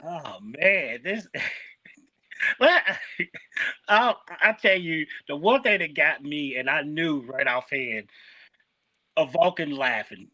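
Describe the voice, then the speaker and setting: Excitable man with a bright voice. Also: fairly high pitch, slow, long pauses, dry recording, poor audio. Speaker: podcast co-host. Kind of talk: casual chat.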